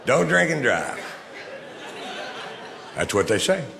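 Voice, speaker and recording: A man's voice: medium pitch, big pitch swings, slow, gravelly, a crowd in the background, noisy background. Wry male comic in a reverberant hall. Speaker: stand-up comedian. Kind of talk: stand-up comedy set.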